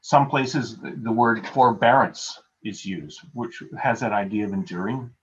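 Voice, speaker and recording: A man's voice: lowish voice, a little slow, a little hiss or hum. A male pastor giving a conversational sermon over a video call, telling everyday stories with a self-deprecating touch. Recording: dull lo-fi video call audio.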